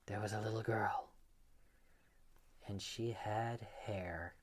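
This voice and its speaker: A man's voice: fairly low pitch, steady tone, slow pace, pauses often, slight background noise. A man telling a children's story in a playful, theatrical way, a dad reading to his kids. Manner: playful, theatrical, drops to whispers.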